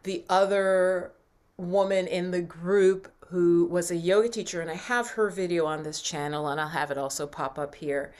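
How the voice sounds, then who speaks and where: A woman mindset coach talking earnestly to her viewers, guiding breathing and affirmations in a slow, soft voice. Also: deep voice. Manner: earnest, encouraging, slows and softens for breathing exercises. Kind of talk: coaching talk with guided affirmations.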